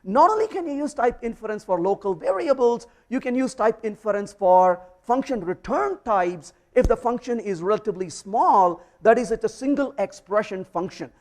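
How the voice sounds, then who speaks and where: Animated man giving a live coding talk. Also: sits high, moderate pace, hardly any pauses. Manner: energetic, emphatic, playful asides. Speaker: conference speaker teaching programming. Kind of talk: live technical presentation with code demo.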